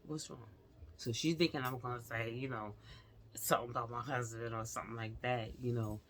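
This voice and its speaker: A woman's voice: a bass voice, steady tone, fairly quick, a bit bright, slight background noise. A woman vlogger recounting a personal experience to her viewers, earnest and confiding, talking straight to them.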